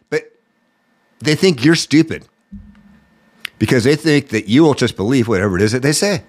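A male podcast host delivers political commentary in a mocking, exasperated rant. His voice sits at an ordinary middle pitch. He talks like someone airing grievances to a loyal audience. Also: lively intonation, moderate pace, pauses often.

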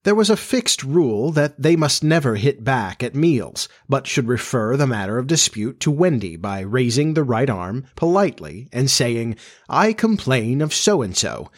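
A man narrating a classic storybook as an audiobook, in a measured, expressive reading. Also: medium pitch, dry recording, studio quality.

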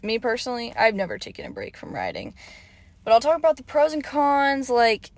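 A young woman hosting her own podcast, chatting casually and rambling off topic with lots of fillers, her voice a little hoarse. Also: a little high, huge pitch swings, fairly quick, no room sound. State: slightly hoarse. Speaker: podcast host. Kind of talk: casual solo podcast chat.

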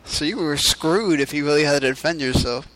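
Slightly high-voiced joking man. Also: a little fast, fairly bright tone, poor audio. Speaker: podcast co-host. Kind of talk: casual gaming podcast chat.

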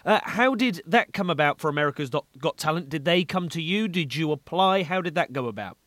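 Male podcast host, fairly high voice, eager and quick to laugh. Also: animated, fairly bright tone, dry recording, clean studio sound. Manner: eager, laughs easily, quick agreeing replies. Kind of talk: casual interview chat.

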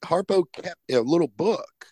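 Animated man telling comedy stories. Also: on the high side, a little slow, dry recording. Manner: animated anecdote telling, acts out quoted characters. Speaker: podcast host. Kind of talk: casual chat, storytelling.

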